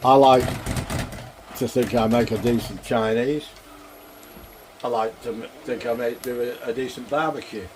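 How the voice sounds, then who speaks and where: A man's voice: mid-range voice, steady tone, moderate pace, pauses often, noisy background. An older man chats casually while he cooks at home, rambling and chuckling as he talks. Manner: rambling, chuckling, plain-spoken. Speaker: cooking vlogger. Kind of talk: casual cooking chat.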